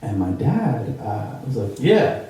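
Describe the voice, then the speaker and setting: A young man telling a comedic true story at an improv show, rambling with lots of fillers and jumping into high squeaky voices for the people in it. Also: normal speed, mellow. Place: theater stage. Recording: roomy, distant live stage recording.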